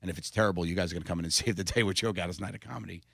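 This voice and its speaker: A middle-aged man with a low voice rattles through stories at a fast clip, animated and laughing often. He sounds close to a studio mic in a dry room. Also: creaky, no echo. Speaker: comedian guest. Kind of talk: casual interview storytelling.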